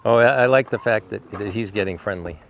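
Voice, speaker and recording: A man's voice: on the low side, fairly quick, gravelly, phone-quality sound, slight background noise. A man who rescues animals, talking casually to the camera and coaxing his dogs outdoors with repeated calls. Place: outdoor dog yard.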